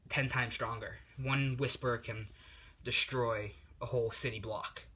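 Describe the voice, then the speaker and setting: A man voicing a quiet teenage boy in a fan story whose signed words he reads in a soft, subdued way. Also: mid-range voice, fairly even intonation, unhurried, slightly rough. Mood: calm. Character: quiet teenage boy who speaks by signing.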